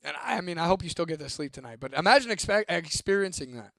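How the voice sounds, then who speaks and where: Young man, fairly high voice, dry close sound, casual storytelling, lots of swearing. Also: quick pace, gravelly, no echo. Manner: profane, animated, reads a viewer comment aloud. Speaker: host.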